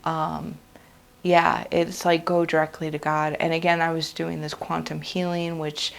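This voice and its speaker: A woman's voice: low-pitched, flat delivery, a little slow, vocal fry. A woman giving an earnest, unscripted personal testimony, speaking in a heartfelt, confessional way. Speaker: vlogger sharing a religious testimony.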